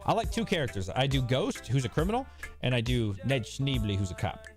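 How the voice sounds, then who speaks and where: A man's voice: mid-range voice, big pitch swings, fairly quick, soft background music. A man with an American accent chatting casually on a stream, profane and laughing, acting out voices. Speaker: crypto streamer.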